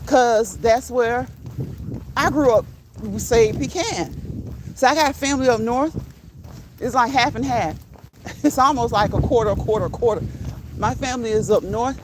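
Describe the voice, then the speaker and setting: This northern U.S.-raised woman speaks at a normal speed in a fairly high voice while vlogging on a countryside walk. Against a noisy background, she chats casually, laughing frequently and repeating words playfully.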